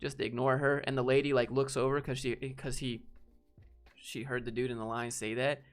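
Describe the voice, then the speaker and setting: Young male streamer, casual storyteller, rambling and animated, faint music underneath. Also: mid-range voice, moderate pace. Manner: rambling, filler-heavy, animated anecdotes. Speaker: channel host.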